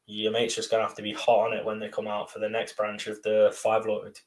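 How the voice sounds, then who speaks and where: A man's voice: lowish voice, completely flat delivery, quick pace, distant mic. Teasing man a bit away from the mic. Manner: teasing, eggs his co-host on. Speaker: podcast co-host. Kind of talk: casual live fan show chat.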